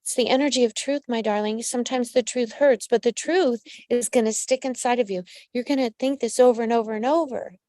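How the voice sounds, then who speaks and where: A woman psychic medium hosts a live reading in a fairly high voice, recorded close and dry with no room sound. She coaches listeners directly and keeps calling them honey and darling. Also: fairly even intonation, brisk, few pauses, warm tone, no echo. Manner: affectionate, calls listeners pet names. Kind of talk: live-streamed astrology reading.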